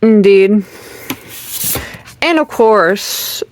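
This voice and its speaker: Slow-talking rambly young woman. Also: medium pitch, lively intonation, darkish tone, a little hiss or hum. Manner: chatty and rambling, giggling, trailing off with ums. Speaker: channel host. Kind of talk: casual bookshelf tour.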